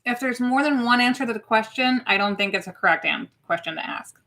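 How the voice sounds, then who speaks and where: A woman with a high, bright voice co-hosts a live stream in a casual, playful way. She keeps greeting viewers by name between bits of chat. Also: lively intonation, brisk. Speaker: co-host of a live watch party stream.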